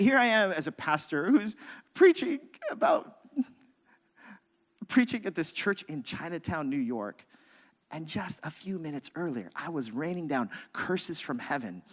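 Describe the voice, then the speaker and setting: A man, a pastor, preaching a sermon and telling a lively personal story, acting out his own outbursts and laughing at himself. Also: a little high, in a large hall.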